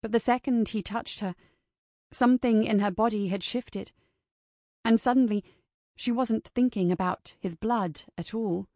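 An audiobook narrator, a woman with a medium-pitched voice, reads a scripted passage in a measured, expressive way. The studio-quality recording has no echo.

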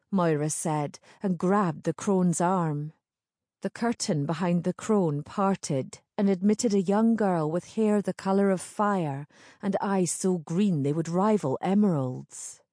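A woman reads a historical romance aloud in a steady, measured way. Her pace is unhurried and her tone mellow and soft-edged. The recording is close and dry, with no room sound. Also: lowish voice, no room sound. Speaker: audiobook narrator. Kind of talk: scripted narration.

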